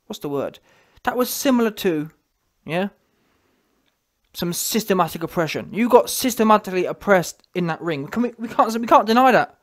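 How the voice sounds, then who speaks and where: A man giving a sarcastic, punchy sports commentary rant, full of tag questions. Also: high-pitched. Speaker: vlogger commentator.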